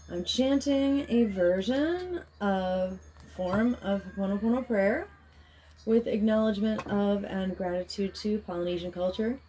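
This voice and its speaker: A woman, a spiritual healer, leading a slow, soothing guided meditation and a chanted prayer. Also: medium pitch, warm tone, a little hiss or hum. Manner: slow, soothing, incantatory delivery. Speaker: spiritual healer doing a tarot reading.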